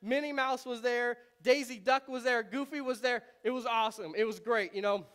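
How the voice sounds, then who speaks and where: A man, a pastor, preaching a conversational sermon in a relaxed, chatty way, often laughing and with frequent ums. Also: extremely high pitch, moderate pace, smooth.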